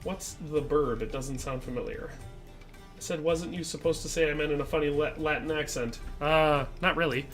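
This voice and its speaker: A chatty middle-aged man with a Midwestern American accent commentates a live game stream, his voice sitting a touch high and sounding bright and forward. He reads viewer messages aloud between plays, filling gaps with easy fillers, while faint game music runs underneath. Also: moderate pace. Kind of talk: casual live gameplay commentary.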